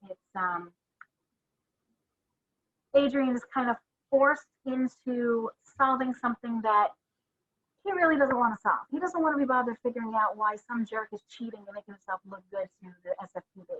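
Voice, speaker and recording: Bright-voiced woman on muffled audio. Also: a little high, normal speed. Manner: earnest, fan-like, hesitant fillers. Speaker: podcast co-host. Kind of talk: casual podcast chat.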